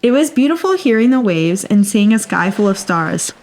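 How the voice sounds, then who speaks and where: A woman's voice: medium pitch, big pitch swings, normal speed, darkish tone. A woman with a mid-range voice reads a listener's story aloud on a podcast. Her reading is playful and dramatic, and she laughs easily between lines. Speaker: podcast co-host.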